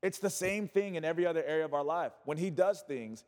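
A male pastor with a notably high voice delivers a sermon, reading scripture before pressing his point with emphatic repeated phrases and casual asides. His voice carries a long reverb from a large hall. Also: quick pace, hardly any pauses, darkish tone. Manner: preaching with emphatic repetition, colloquial asides.

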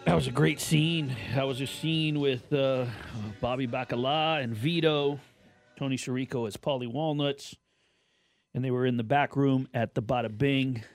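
A man's voice: mid-range voice, steady tone, normal speed, soft background music. A man from Southern Nevada co-hosting a casual sports radio chat, rambling and often restarting his sentences. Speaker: radio co-host.

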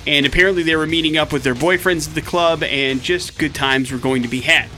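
Chatty male morning show host, lively storyteller, bright timbre. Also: a little high, fairly quick, soft background music. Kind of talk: casual radio banter and storytelling. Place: radio studio.

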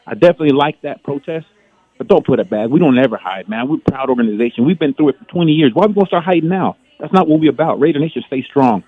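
A man's voice: fairly high pitch, lively intonation, quick pace, husky, dry recording. A man calling in to a sports talk show, giving a passionate fan's rallying speech. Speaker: phone-in caller. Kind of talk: casual radio call-in. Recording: phone line.

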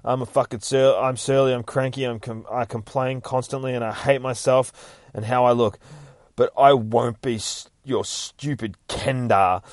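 A man putting on a surly, cranky young heroine who shouts back and swears without letting up. The voice is pushed higher and louder than his own. It sounds dry, with nothing of the room around it. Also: steady tone, moderate pace, no echo, close to an everyday voice. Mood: defiant fury.

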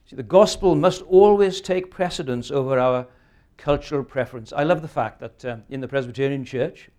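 A man's voice: mid-range voice, normal speed, darkish tone. A man in his sixties preaching a sermon, earnest and emphatic, often ending points with rhetorical questions. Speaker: pastor.

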